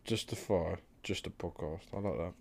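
A young man co-hosting a casual podcast in a relaxed, teasing way. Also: low voice, normal speed, vocal fry. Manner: laid-back, teasing. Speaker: podcast co-host. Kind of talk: casual chat.

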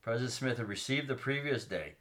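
A man's voice: mid-range voice, lively intonation, brisk, fairly bright tone. A man co-hosting a casual faith podcast, reading scripture aloud and explaining it earnestly, stopping with ums to find his place. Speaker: podcast co-host.

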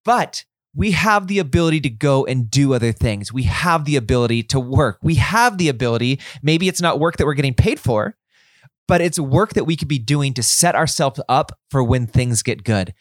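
A man's voice: medium pitch, lively intonation, normal speed, no echo, clean studio sound. A man in his thirties hosting a casual solo podcast, earnest and encouraging, rambling with frequent restarts. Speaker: podcast host.

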